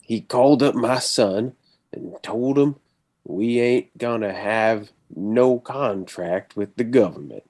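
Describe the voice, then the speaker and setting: A man voicing a gruff Southern rancher with a put-on Texan drawl, folksy and a bit stumbling. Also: mid-range voice, takes it slowly, darkish tone.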